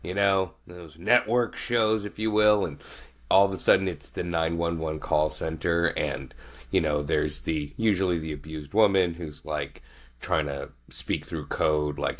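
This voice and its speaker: A man's voice: sits low, moderate pace. A man co-hosting a podcast as a father, making wry jokes in casual chat. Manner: wry, joking asides.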